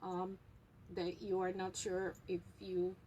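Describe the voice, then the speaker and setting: A woman giving a casual tutorial, speaking with many pauses and fillers. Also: fairly low pitch, monotone, dark tone, dull audio, slight background noise. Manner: unhurried, hesitant with many fillers. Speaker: tea reading instructor.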